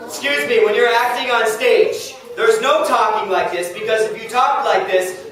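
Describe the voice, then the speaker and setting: A man teaching a class, giving brisk, directive instructions and reading a story aloud in a classroom. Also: high voice, a bit bright, slight background noise. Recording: echoey classroom from far off.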